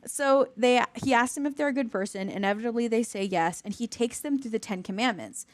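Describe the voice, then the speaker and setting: A young adult woman co-hosting a podcast, talking in an earnest, animated way in casual faith discussion. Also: fairly high pitch, a little fast, dry recording. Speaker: podcast co-host.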